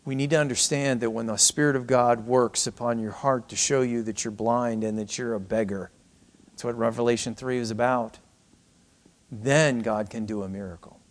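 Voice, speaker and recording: A middle-aged man preaching a sermon, swinging between raised cries and hushed, almost whispered passages. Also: mid-range voice. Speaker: pastor.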